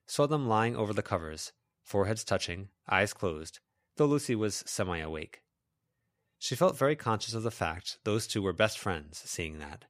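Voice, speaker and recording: A man narrating a fan-made audiobook in a steady reading voice, lifting his pitch a little for the heroine's inner questions. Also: dry recording, clean studio sound.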